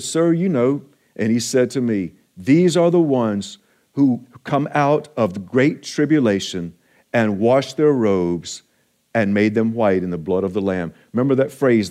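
A pastor delivers an encouraging sermon, slowing for emphasis. He is a man with a dark, mellow voice at an ordinary pitch for a man. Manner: earnest, encouraging preaching with slow emphatic stretches.

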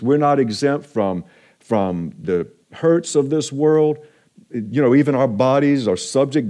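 A pastor delivers an encouraging sermon, slowing for emphasis. He is a man with a dark, mellow voice at an ordinary pitch for a man. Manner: earnest, encouraging preaching with slow emphatic stretches.

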